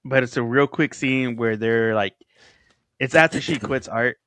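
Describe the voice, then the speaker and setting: A man's voice: medium pitch, a little slow, fairly bright tone, clear, resonant tone, no echo. A man co-hosting a casual podcast, easygoing and agreeable, often laughing along. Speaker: podcast co-host. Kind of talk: casual chat.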